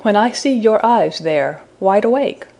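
A woman's voice: mid-range voice, animated, unhurried, gravelly, mellow. A woman voicing a frightened young man in a storybook reading, speaking in a trembling half whisper.

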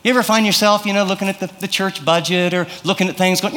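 High-voiced preacher man in a reverberant hall. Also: fairly even intonation, fast talker, pushed and bright. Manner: conversational preaching with acted-out prayers and anecdotes. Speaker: pastor. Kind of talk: sermon.

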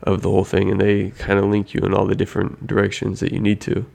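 Gravelly, hesitant man chatting. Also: on the low side, monotone, fast talker, a little mellow. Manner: hesitant, many restarts and "I don't know". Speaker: podcast co-host. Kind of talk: casual chat.

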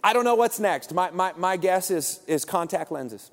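A pastor in his forties preaching a sermon in a lively, joking way, often acting out quotes. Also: sits high, moderate pace. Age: 40s. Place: church auditorium. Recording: reverberant hall.

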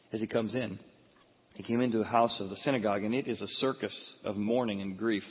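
A man preaching a sermon, retelling the scene dramatically and swinging from hushed tones to loud outbursts. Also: on the low side, steady tone, quick pace, slightly rough. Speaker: pastor. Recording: echoey hall over a tinny phone-like line.

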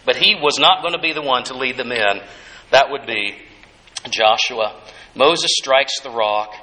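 A man preaching a sermon as pastor, telling a Bible story with animated voices for the complaining people. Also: mid-range voice, unhurried, heavy reverb, rough recording.

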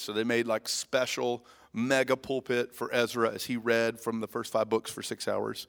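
Casual, throat-clearing male preacher. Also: medium pitch, flat delivery, moderate pace. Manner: casual, joking, conversational. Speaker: guest preacher. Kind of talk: sermon.

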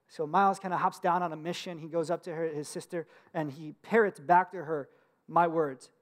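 Man, 30s, pastor, high-pitched, conversational sermon, casual fillers. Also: fairly even intonation, a little fast. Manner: conversational, chatty, with fillers and laughs. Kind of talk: storytelling sermon.

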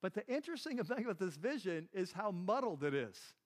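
His high-pitched, sing-song voice moves fairly quickly as he teaches. A pastor leading a Bible class, he gives a conversational sermon, questioning listeners and dropping "like" and "right" often.

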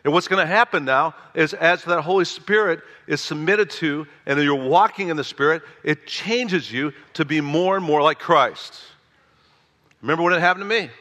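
Man in his sixties, pastor preaching, bright forceful voice, animated emphasis, long hall reverb. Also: moderate pace. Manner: animated preaching, rising pitch and volume on key phrases. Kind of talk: sermon. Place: church sanctuary.

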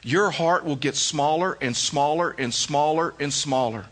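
A man preaches from the pulpit in a slightly high-pitched voice. He tells stories in a plain, conversational way, then presses his points home with urgent emphasis. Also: unhurried, a bit bright. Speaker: pastor. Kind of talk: sermon.

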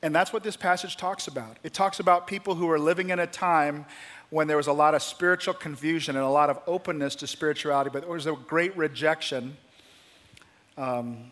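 A male pastor preaching a sermon, telling the story with lively, acted-out quotes. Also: fairly high pitch. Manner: animated storytelling, acting out voices in quotes.

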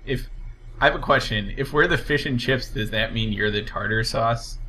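A man co-hosting a podcast, trading quick, wry jokes in casual banter. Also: mid-range voice, noisy background. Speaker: podcast co-host.

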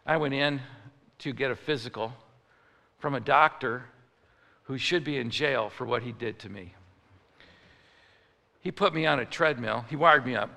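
A male preacher from Chicago tells a comic story in a lively, animated way, now and then rising into mock outrage. His voice is gravelly and very bright and sits a little high. A long hall reverb hangs on every line.

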